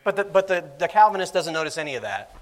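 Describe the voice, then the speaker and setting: Conversational male preacher, fairly high voice. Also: big pitch swings, quick pace. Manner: conversational, acts out quoted voices. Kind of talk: sermon.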